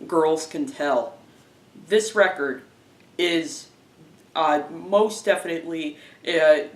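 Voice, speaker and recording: A man's voice: on the high side, a bit bright. Guy rambling thru album reviews, lots of uhs and restarts, echoey room, mic kinda far off. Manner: halting, many fillers and restarts. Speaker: music reviewer. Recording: roomy, distant from the mic.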